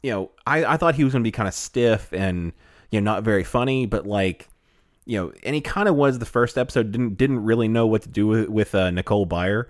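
Chatty low-voiced man, dry sound. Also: brisk, dry recording. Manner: animated, laughs often, trails off searching for words. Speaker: podcast co-host. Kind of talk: casual chat.

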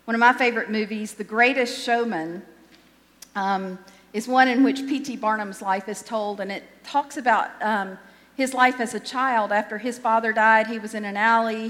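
A woman's voice: on the high side, fairly even intonation, normal speed, fairly bright tone, in a large hall. A woman pastor giving a sermon in a conversational, self-deprecating way, often restarting her sentences.

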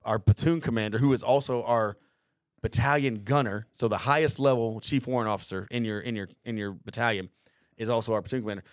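A man's voice: mid-range voice, quick pace. A podcast host in his thirties, a man with an ordinary, mid-range voice. He tells his stories loosely, with plenty of swearing, and the sound is dry and close-miked with no room echo. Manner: profane, rambling war-story telling. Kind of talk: casual podcast chat.

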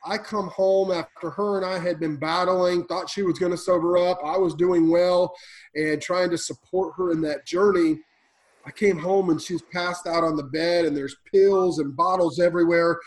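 A man on a podcast telling his life story intensely, swinging between loud and hushed, like a preacher. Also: high voice, steady tone, moderate pace, rough recording. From Illinois. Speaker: podcast guest. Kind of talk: emotional personal storytelling.

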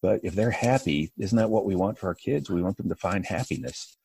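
A man's voice: deep voice, fairly quick, vocal fry, darkish tone, breathy edge. A middle-aged man talking as a podcast guest, earnest and repeating words as he restarts his sentences. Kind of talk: casual podcast conversation.

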